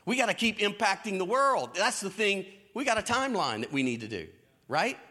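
A man preaching a sermon in a lively storytelling way, with folksy Southern phrasing. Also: sits high, a little fast. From American South. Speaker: pastor. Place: church stage.

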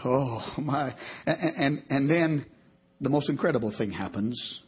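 A man preaching a sermon dramatically, rising to loud emphatic peaks and dropping to soft asides, often repeating and correcting himself. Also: medium pitch, animated, a little slow, slightly rough. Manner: repeats words and corrects himself mid-sentence. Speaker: pastor. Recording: dull lo-fi recording.

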